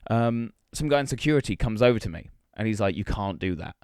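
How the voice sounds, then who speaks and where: A young man tells a story at a fast clip on a podcast, swearing freely and acting out each line of dialogue. His voice sits at an ordinary pitch and is recorded close and dry, with no room sound. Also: lively intonation, darkish tone, clear, resonant tone, no echo. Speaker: podcast co-host. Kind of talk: casual chat, storytelling.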